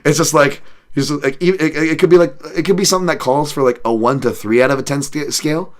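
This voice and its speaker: A man's voice: fairly high pitch, fairly even intonation, fast. A man hosting a podcast, chatting casually with his live chat, swearing freely and joking at his own expense. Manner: profane, self-deprecating, reads chat aloud; laughs often, does funny voices. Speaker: podcast host.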